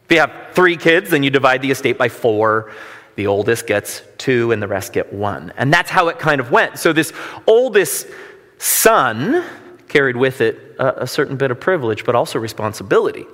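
A man's voice: medium pitch, sing-song, normal speed, fairly bright tone. A man preaching a sermon, mixing scripture reading with casual, self-deprecating stories. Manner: conversational, self-deprecating humor. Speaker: pastor. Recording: long hall reverb.

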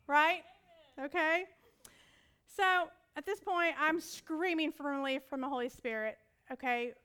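A woman preaching with a high, bright voice. She tells her story in an animated way, keeps calling on the audience to respond and laughs often. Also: unhurried. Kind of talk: sermon.

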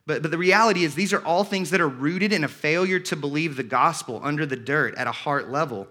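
A man's voice: on the high side, fairly quick, sharp tone. A man pastor preaching a sermon in earnest, rising in force when he reads scripture aloud, and often repeating words as he goes. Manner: repeats words and restarts phrases.

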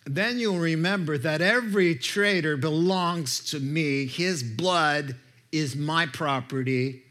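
A man's voice: a little high, slow, fairly bright tone. A preacher retelling a haughty wicked queen. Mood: imperious. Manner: haughty, mocking, insistent. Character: imperious wicked queen, woman, demanding her due. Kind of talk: sermon storytelling.

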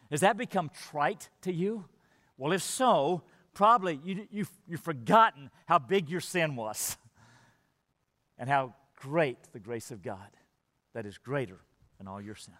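A man's voice: fairly high pitch, fairly bright tone, long reverb tail. A man preaching a sermon, earnest and emphatic, often repeating words as he builds his point.

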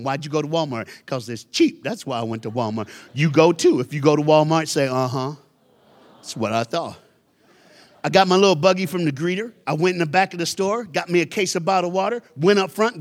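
A man giving a storytelling sermon as a guest youth speaker in a church, animated and conversational, with sudden emphatic bursts. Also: a little high.

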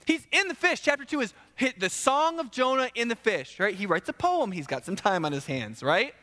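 Man preaching, high lively voice, conversational, long hall reverb. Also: normal speed. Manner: animated, conversational, frequent rhetorical questions. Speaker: pastor. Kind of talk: sermon.

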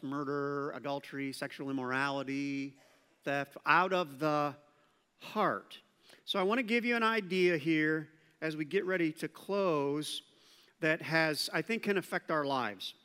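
Man, pastor, sermon, high bright voice, reverberant hall. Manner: animated, acts out quoted voices.

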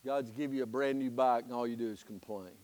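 A man preaching a sermon as pastor, telling a folksy story in an animated storytelling manner. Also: mid-range voice, brisk, big-room sound. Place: church sanctuary.

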